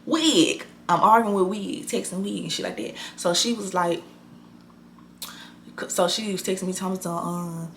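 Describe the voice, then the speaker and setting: A young woman telling a storytime vlog, blunt and animated, swearing freely in casual slang. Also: mid-range voice, moderate pace, slight background noise.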